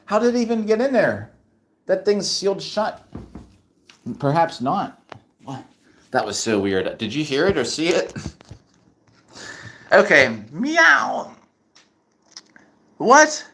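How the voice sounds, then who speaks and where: Middle-aged male streamer, bright voice, casual rambling chat. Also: mid-range voice. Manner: rambling, restarts often, reads chat. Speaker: livestream host.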